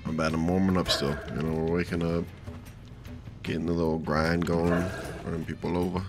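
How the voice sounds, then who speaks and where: A man's voice: sits low, little pitch movement, a little fast, over music. A tired young man with a groggy morning voice, rambling laid-back commentary while streaming a video game. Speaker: let's play streamer. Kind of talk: casual gameplay commentary.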